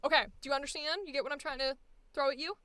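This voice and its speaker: High bright blunt American woman. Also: fairly even intonation, rapid-fire, slight background noise. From United States. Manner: blunt, profane, laughs often. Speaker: voice acting coach. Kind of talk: live-streamed coaching session.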